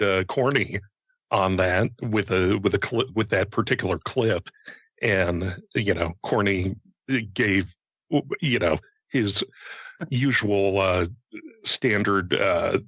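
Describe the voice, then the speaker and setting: Slow, halting low-voiced man. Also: fairly bright tone, no echo. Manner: halting and rambling, heavy fillers and stutters. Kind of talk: casual podcast chat. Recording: dull lo-fi sound.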